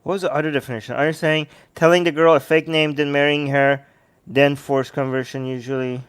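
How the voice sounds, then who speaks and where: A man hosting a livestream, reacting to videos with sarcastic, animated commentary and talking to his chat. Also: fairly high pitch, brisk, clear, resonant tone. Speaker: livestream host.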